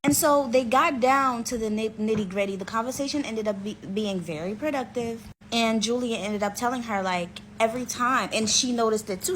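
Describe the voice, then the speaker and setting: A woman with a somewhat high voice tells a story in a relaxed, talkative way. She drops in "y'all" and asides like she is talking to friends. A light hiss sits under the voice. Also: rough recording. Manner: chatty, informal, says "y'all". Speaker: storyteller and author. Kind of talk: casual story time.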